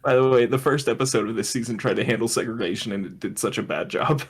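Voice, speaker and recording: A man co-hosts a loose comedy podcast and retells a show scene by scene. He laughs often and keeps breaking into put-on voices for the characters. His pitch and tone stay in an ordinary middle range. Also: fast talker, breathy edge. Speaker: podcast co-host. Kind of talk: casual comedic chat.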